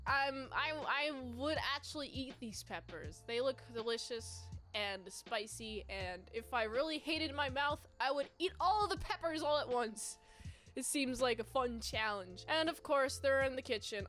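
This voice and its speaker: A woman's voice: high-pitched, expressive, moderate pace, fairly bright tone, soft background music. A woman giving a casual, playful, rambling movie review.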